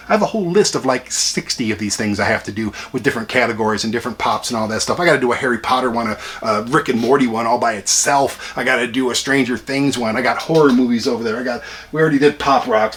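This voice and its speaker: A man hosting a casual home vlog, chatty and excitable with rambling asides. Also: medium pitch, fast talker, faint music behind. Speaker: channel host ranking toy collection. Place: home room with a TV.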